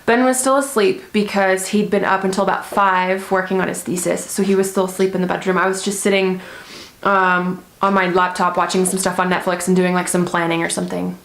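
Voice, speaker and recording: A woman's voice: lowish voice, level tone, fairly quick. A young adult woman vlogging, telling a personal story in a chatty, rambling way with many fillers. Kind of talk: casual storytelling vlog. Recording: echoey room.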